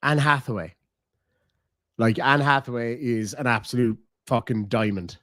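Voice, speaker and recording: A man's voice: medium pitch, measured pace, a bit bright, no echo, studio quality. A man with a Cork Irish accent, chatting casually on a live stream, rambling and swearing freely as he thinks aloud. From Ireland.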